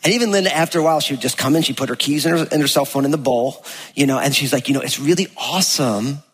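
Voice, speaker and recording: A pastor from New Jersey giving a sermon, telling stories in a chatty way and acting out quotes. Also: male voice, on the high side, racing, a bit bright, slightly rough. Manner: chatty storytelling, acts out quotes. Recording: long hall reverb.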